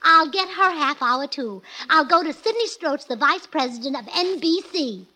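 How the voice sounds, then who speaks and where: A high, bright woman's voice bounces through a 1940s radio comedy with a scatterbrained, earnest delivery. Her lines lurch up and down in pitch, and her tone stays sunny and crisp throughout. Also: animated, moderate pace, low-quality recording.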